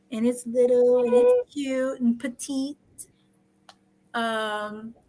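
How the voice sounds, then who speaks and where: Young woman host, somewhat high voice, blunt and jokey casual talk. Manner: frank, animated and joking, laughs often. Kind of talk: casual chat.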